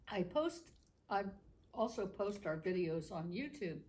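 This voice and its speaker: A woman's voice: lowish voice, a little mellow. A woman co-hosting a church cooking show, explaining recipes in a friendly, chatty way. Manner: friendly, explanatory, laughs easily. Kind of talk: casual chat.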